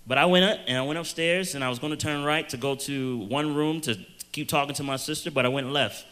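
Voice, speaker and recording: A man on a youth panel telling a personal testimony, earnest and halting, slowing down hard on the phrases he wants to land. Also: fairly high pitch, pushed and bright, clear, resonant tone. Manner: earnest storytelling with hesitant restarts and emphatic slowed phrases.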